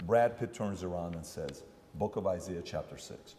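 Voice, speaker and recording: A man's voice: deep voice, normal speed, dark tone, long reverb tail, slight background noise. A man in his thirties hosting a casual podcast chat, rambling and acting out the people he quotes. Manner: rambling, acts out quoted voices. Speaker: podcast host. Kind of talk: casual talk show chat.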